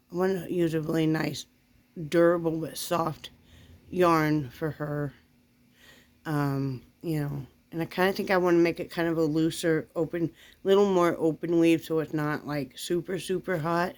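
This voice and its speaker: A woman's voice: low voice, fairly even intonation, measured pace, a little mellow. A middle-aged woman chatting casually to camera in a rambling, homey way, often breaking off to coo at her dog. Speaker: vlogger.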